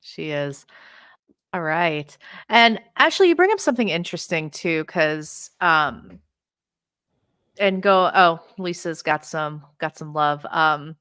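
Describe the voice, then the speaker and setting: Bright, smooth-voiced woman host. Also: low voice, animated, slow pace, no echo. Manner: friendly, rambling, with restarts. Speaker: interview host. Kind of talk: casual interview chat.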